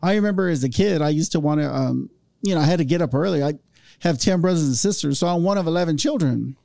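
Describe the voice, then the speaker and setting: A man's voice: a little high, fast talker, gravelly, mellow, dry recording, clean studio sound. A man from Orange County, California, hosting a casual podcast chat and telling stories with acted-out voices. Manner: storytelling, acts out voices in anecdotes.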